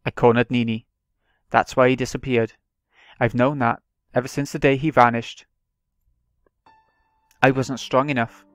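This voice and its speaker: A man reading the lines of a wounded little girl who quietly admits her guilt, in a subdued, resigned manner. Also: mid-range voice, flat delivery, unhurried, pauses often, no echo, studio quality, faint music behind, natural voice.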